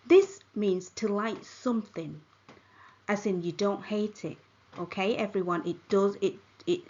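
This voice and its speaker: A woman's voice: lowish voice, slightly rough, lo-fi sound. A woman teaching a language lesson, carefully repeating words for the listener to copy. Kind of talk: slow spoken language lesson.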